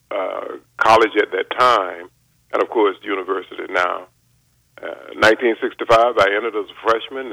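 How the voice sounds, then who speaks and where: A man in his seventies from North Carolina, a chemist giving a measured, formal radio interview with frequent pauses. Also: on the low side, gravelly, bright, forceful tone, no room sound, poor audio. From North Carolina, USA. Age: 70s. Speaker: guest chemist. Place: radio studio.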